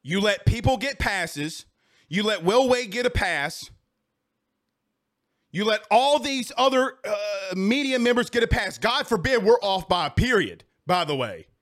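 A high-pitched man delivers a heated sports rant straight to his listeners. He repeats himself for emphasis and keeps pushing his point in a casual, talk-show way. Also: expressive, a little slow, fairly bright tone. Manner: heated, repetitive, talks straight at the audience. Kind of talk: casual ranting commentary.

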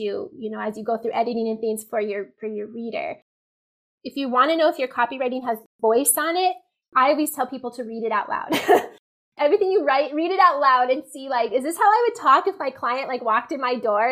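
A woman talks through her advice in a relaxed interview, her voice sitting a little high. She fills her sentences with "like" and "you know", circling back and rephrasing as she goes. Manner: chatty, full of "like" and "you know", animated. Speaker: copywriting guest. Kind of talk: casual interview chat.

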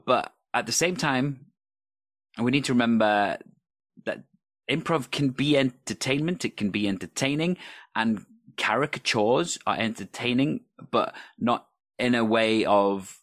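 A man's voice: mid-range voice, measured pace, fairly bright tone, no echo, clean studio sound. A man, an improv performer, talking earnestly and enthusiastically in a conversational discussion. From United Kingdom. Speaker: improv performer and podcast co-host.

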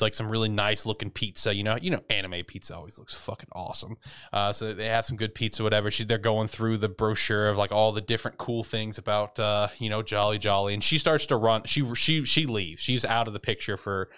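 A man's voice: on the low side, steady tone, fast, a bit bright, smooth. A man co-hosting a podcast, recapping an anime episode in casual, rambling chat, swearing freely and laughing often.

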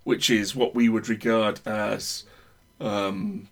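A man's voice: lowish voice, fairly even intonation, slow, creaky. A man with a broad northern English accent talks casually, offering his opinions at length. He often stops and restarts his sentences as he works through a thought. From Northern England. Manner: opinionated, rambling with many restarts. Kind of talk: casual chat.

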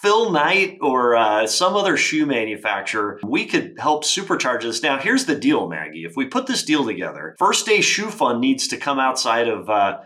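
A male podcast host with a bright, forceful voice asks questions with great enthusiasm. His pitch swings widely as he reacts, and he is quick to praise his guest. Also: big pitch swings. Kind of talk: casual interview chat.

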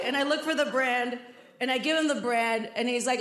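A woman's voice: sits high, normal speed, a little hiss or hum. A woman telling a stand-up story on stage, acting out both sides of the conversation. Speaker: stand-up comedian. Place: comedy stage before a live audience. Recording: roomy stage sound, loud crowd laughter.

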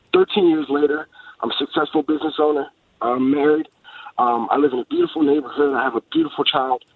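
A man from New Jersey calls in over a tinny, phone-like line and tells his story earnestly, stumbling over ums and repeated words. His voice is gravelly and husky, and his pitch swings widely. He sounds choked up as he speaks. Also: no echo, far from the mic. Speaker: caller. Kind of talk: call-in radio testimony.

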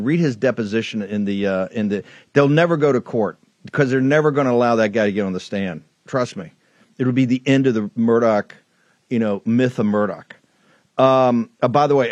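A man's voice: mid-range voice, darkish tone, dry recording. A man hosting a political talk show, ranting in a heated, rambling way with many restarts and asides. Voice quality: rambling, fired up, frequent restarts. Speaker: host.

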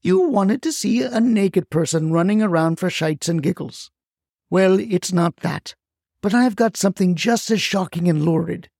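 A man plays a feisty old grandmother, impatient and indignant, her voice jumping high into shrill scolding outbursts. The tone is gravelly and mellow, recorded close and dry for a storybook telling. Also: lively intonation, moderate pace, dry recording, exaggerated voice. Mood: ranting. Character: feisty impatient retired grandmother, older woman.

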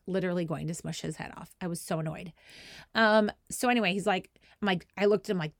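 Female podcast host, 30s, chatty and self-deprecating, bursts into shouted quotes, dry close sound. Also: fairly low pitch, quick pace, no room sound. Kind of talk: casual storytelling.

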